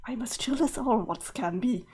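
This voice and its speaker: A woman reading aloud and voicing a menacing, calm male clown-troll with a slow, sinister drawl. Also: a little high, husky, exaggerated voice. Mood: creepy.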